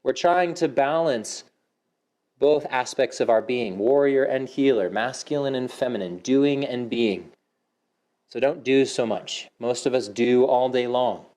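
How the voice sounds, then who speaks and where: A man teaching a yoga class, giving slow, soothing cues with audible sighs and sometimes dropping to a soft whisper. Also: medium pitch. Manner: drops to a soft whisper for affirmations. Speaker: yoga instructor. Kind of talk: guided yoga class instruction.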